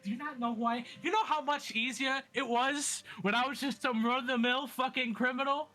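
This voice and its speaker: A man's voice: very high voice, fairly even intonation, fairly quick, pushed and bright, faint music behind, pitched above the performer's own voice. A man playing a foul-mouthed hot-tempered brawler. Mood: ranting. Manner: profane, rambling rants. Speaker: player voicing his character.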